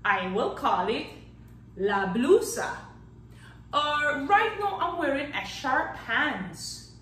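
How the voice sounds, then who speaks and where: A woman teaching a children's Spanish lesson in a playful, animated way. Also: sits high, takes it slowly, reverberant, distant mic, slight background noise, rough recording. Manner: animated and playful, claps out syllables, counts down magic tricks.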